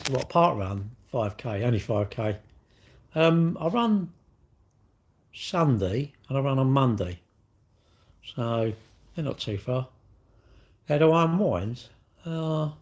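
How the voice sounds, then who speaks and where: A man's voice: medium pitch, darkish tone. An English man hosting a livestream, rambling and mocking in casual chat as he reads and answers comments. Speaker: livestream host.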